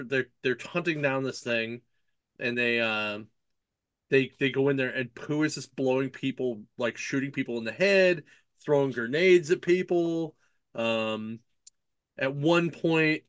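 Recapping a book's plot, this podcast host rambles along with frequent laughter and lots of filler words. He speaks in a smooth, mid-range voice, and the studio-quality audio has no echo.

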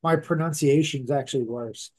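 A man co-hosting a podcast, speaking haltingly with a dry mouth. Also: fairly high pitch, darkish tone, rough recording. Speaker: podcast co-host.

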